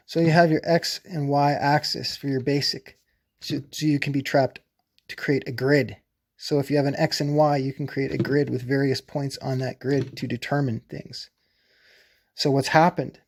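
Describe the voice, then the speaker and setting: Gravelly man lecturing insistently. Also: medium pitch, a little mellow. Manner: insistent, lecturing, blunt and profane; repeats and drags out puns slowly. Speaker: solo video presenter. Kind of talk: rambling explanatory monologue.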